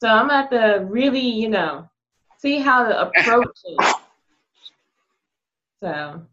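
A woman's voice: a little high, animated, slow pace, a bit bright. A woman from Texas with a Texas accent, chatting casually as a podcast guest and laughing often. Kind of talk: casual chat. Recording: dull lo-fi sound.

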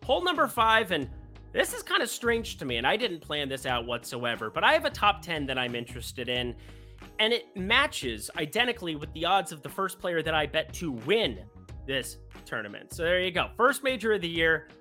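Running through golf picks casually, an upbeat, jokey sports betting host speaks in a bright, sing-song voice that swings widely in pitch and often rises at the end of phrases like a question. He keeps a moderate pace, with faint music behind him.

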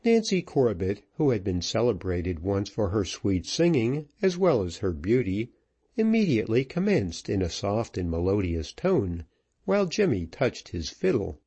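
A man reading a novel aloud in a measured, expressive way. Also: fairly low pitch, slightly rough. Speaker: audiobook narrator. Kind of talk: scripted narration.

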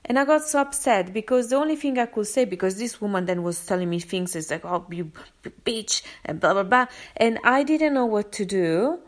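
A woman's voice: medium pitch, brisk, hardly any pauses. Chatty woman telling a personal story. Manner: chatty and expressive, with many fillers and restarts. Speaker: vlogger sharing a daily quote. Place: home area in London.

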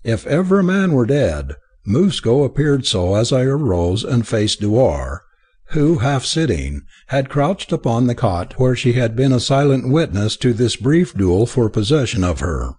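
A man narrating an adventure audiobook in the first person, reading in an expressive, theatrical manner. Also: medium pitch, unhurried, breathy edge.

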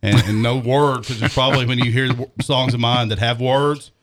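A man's voice: medium pitch, fairly even intonation, normal speed, fairly bright tone, a little hiss or hum. A man co-hosting a casual sports radio show, rambling and self-deprecating, chuckling as he talks.

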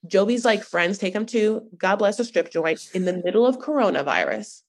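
A young woman hosting a podcast, recapping a reality show in an animated, gossipy chat full of fillers. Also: mid-range voice, normal speed. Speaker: podcast host.

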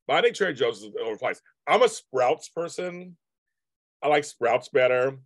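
A man's voice: medium pitch, lively intonation, moderate pace, no room sound. A man in his fifties hosting a live stream, chatting casually and rambling as he answers comments from viewers. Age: 50s.

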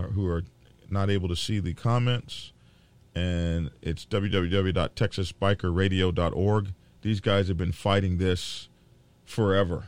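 A man hosting a biker news show, talking casually to his viewers in a halting, indignant way with many fillers and repeated words. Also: low-pitched, no room sound. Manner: worked up and indignant.

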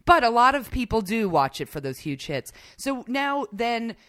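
A woman co-hosting a podcast in casual chat, rambling and animated, often laughing. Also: on the high side, normal speed, dry recording. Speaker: podcast co-host.

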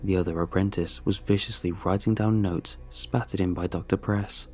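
Husky-voiced man narrating a horror story. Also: low voice, steady tone, moderate pace, few pauses, darkish tone, soft background music.

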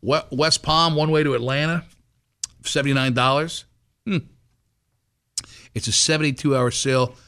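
A man's voice: mid-range voice, fairly even intonation, moderate pace, pauses often, a bit bright, smooth. A man hosting a radio show, chatting loosely and jokingly with plenty of fillers, on a studio microphone. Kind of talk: casual morning radio chat.

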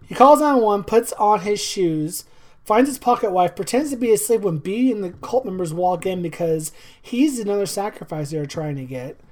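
A woman's voice: mid-range voice, moderate pace. A woman casually recapping a horror movie, acting out the characters and laughing often. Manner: animated storytelling, acts out characters, laughs often. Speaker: podcast co-host recapping a movie. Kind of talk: casual chat.

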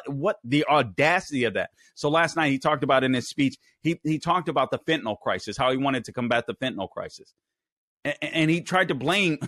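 A man's voice: mid-range voice, a bit bright, no room sound, clean studio sound. A man hosting a political talk show, delivering heated, emphatic commentary with many fillers and restarts.

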